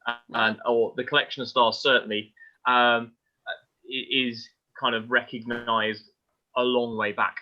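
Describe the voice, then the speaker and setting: A man's voice: mid-range voice, flat delivery, measured pace. A man co-hosting an astronomy podcast, telling myths in a jokey, irreverent way. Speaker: podcast co-host. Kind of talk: casual chat about astronomy. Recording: dull lo-fi audio.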